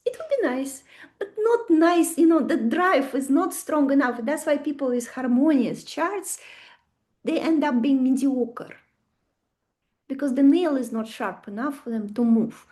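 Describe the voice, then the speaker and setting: A woman teaching an astrology class, animated, asking her students questions and acting out stories. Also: sits high, measured pace. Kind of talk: live lesson with stories.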